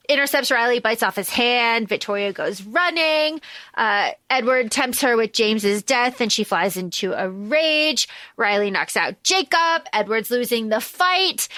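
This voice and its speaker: Podcast co-host, woman; casual, animated recap, dry close mic. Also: a little high, no echo. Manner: animated, swearing, acts out lines in quotes. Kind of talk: casual movie recap chat.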